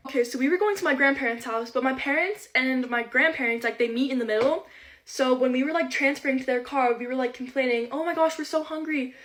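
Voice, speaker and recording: A teenage girl rattles through a storytime in a very high, bright-sounding register. She is chatty and animated, slipping into the voices of everyone in the tale. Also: quick pace. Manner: chatty, animated retelling full of quoted dialogue. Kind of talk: casual storytime.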